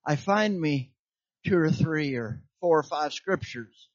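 A man's voice: on the high side, animated, slow pace, no room sound, highs cut off. A man preaching a sermon in an emphatic, repetitive way, tossing questions out to his listeners for them to finish.

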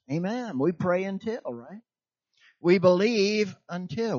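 A man's voice: high-pitched, a little slow, no echo, muffled recording. A man preaching a sermon in an emphatic, repetitive way, tossing questions out to his listeners for them to finish.

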